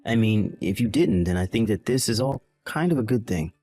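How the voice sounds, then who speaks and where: A man's voice: fairly low pitch, animated, a little fast, darkish tone, soft background music. A man playing a callous young husband in a dramatized text-message story, exasperated and blaming. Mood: casual.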